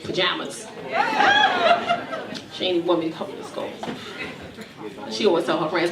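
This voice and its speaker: A woman in her thirties does profane stand-up storytelling on a comedy club stage, animated and acting out the voices in her quotes. Her fairly low voice moves at normal speed with long pauses. The sound is reverberant and distant, with a loud crowd, audience laughter and heavy background noise.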